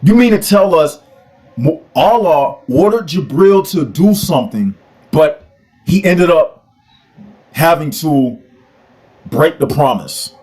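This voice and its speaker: A man rants like a preacher, mocking his listeners with rhetorical question after rhetorical question. His voice sits high and swings widely. He takes his time, leaning hard on each challenge. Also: expressive, slow pace, long pauses, darkish tone. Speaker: religion critic. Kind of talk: preaching rant.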